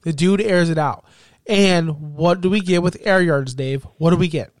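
A man's voice: fairly high pitch, moderate pace, no echo. A man co-hosting a casual sports chat, reeling off stats and needling his partner. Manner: teasing, stat-heavy, needling. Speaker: podcast co-host.

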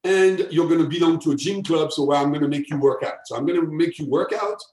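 A man, a guest expert, explaining step by step with examples and often checking in with a quick tag question. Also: on the high side, darkish tone. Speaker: guest, sales persuasion expert. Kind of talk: explanatory interview talk. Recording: echoey room.

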